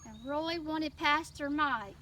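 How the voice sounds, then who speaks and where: A woman with a Southern US accent telling a children's story in church, animated and prompting the kids to answer. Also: high-pitched, takes it slowly. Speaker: children's mission teacher. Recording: distant mic with faint noise.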